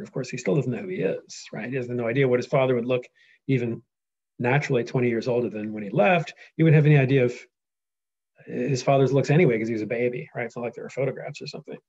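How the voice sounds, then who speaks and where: Male teacher, dramatic reading broken up by casual asides, husky, slightly muffled recording. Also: mid-range voice, quick pace, darkish tone. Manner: reads dramatically, then explains casually with frequent "right?". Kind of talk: reading aloud with commentary.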